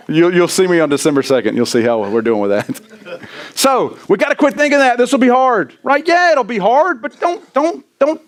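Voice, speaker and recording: A middle-aged pastor preaches in a church sanctuary with a high-pitched voice. He's animated and self-deprecating, often tossing a "right?" out to the congregation.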